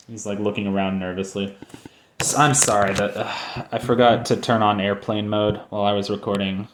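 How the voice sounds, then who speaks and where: Let's play host, male, lower voice, rambling jokey commentary, echoey room. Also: steady tone, fairly quick, a little hiss or hum. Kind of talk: casual gameplay commentary.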